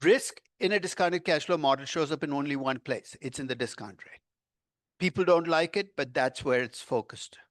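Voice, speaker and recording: An older male finance professor giving a university lecture, animated and quizzing his class, stressing key words as he explains. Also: fairly high pitch, normal speed, no echo, clean studio sound. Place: lecture room.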